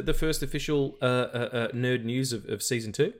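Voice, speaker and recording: A man's voice: mid-range voice, normal speed. A man co-hosting a film podcast, chatting casually and rambling about movies with many restarts and some swearing. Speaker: podcast co-host.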